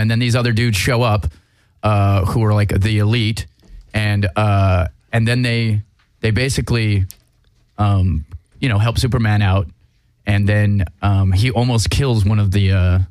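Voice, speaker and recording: A man's voice: fairly low pitch, fairly even intonation, normal speed, a little mellow, clear, resonant tone, dry recording, clean studio sound. A man hosting a casual chat, rambling through a movie plot with profanity, fillers and restarts.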